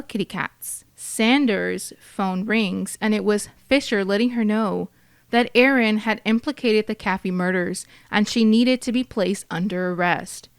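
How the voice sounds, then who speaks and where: Lady podcaster, smooth clear voice, dead dry close mic, cusses a lot between the facts. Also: mid-range voice, no room sound. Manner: profane, outspoken commentary. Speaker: true crime podcast host. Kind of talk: reading a case with blunt asides.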